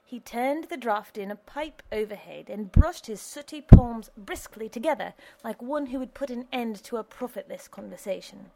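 A woman narrating an audiobook in an even, measured storytelling manner. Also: fairly high pitch, gravelly.

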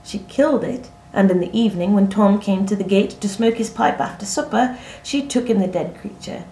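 A woman narrating a literary story aloud in a measured, expressive reading. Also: mid-range voice. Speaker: audiobook narrator. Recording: echoey room, faint noise.

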